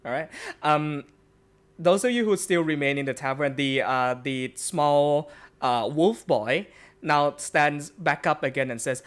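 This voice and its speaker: A man's voice: fairly high pitch, measured pace. A man narrating a tabletop game as game master, rambling with fillers and laughing often.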